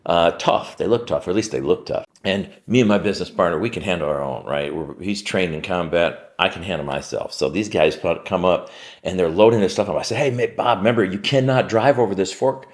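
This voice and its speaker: Deep-voiced man telling a story. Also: brisk. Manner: casual, peppered with "like" and "right?", swears freely. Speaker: warehouse business owner. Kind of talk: casual storytelling to camera.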